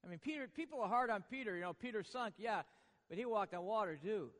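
A man preaching a sermon in a church, swinging from hushed lines to booming ones with joking asides. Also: animated, quick pace, long reverb tail. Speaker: pastor.

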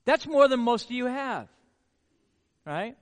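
A man preaches with a strikingly high voice, driving his points home through repeated words and rhetorical questions. His voice rings out into a hall with a long reverb tail. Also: big pitch swings, slow pace. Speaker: pastor. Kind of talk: sermon.

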